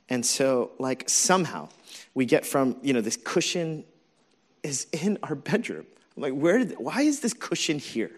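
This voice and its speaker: A pastor in his forties preaches with a mid-pitched voice, telling personal stories in a candid, conversational way. He leans on fillers and talks like he is chatting with the congregation. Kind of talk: sermon.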